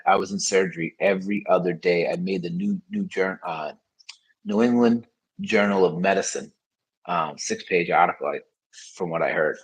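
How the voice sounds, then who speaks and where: A man's voice: low-pitched, a bit bright, husky, poor audio. A man as a podcast guest, telling his story in frank, casual conversation with many fillers.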